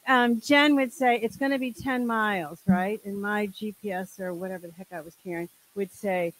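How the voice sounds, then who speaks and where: A woman's voice: mid-range voice, a little fast, few pauses, rough recording. An older woman at a group meeting, speaking candidly and with humor, tossing in exasperated asides while she shares a personal story into a handheld microphone. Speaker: group member sharing.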